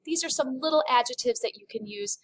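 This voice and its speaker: A woman whose voice sits high leads a recorded French lesson. Speaking slowly and distinctly, she cheerfully demonstrates French phrases.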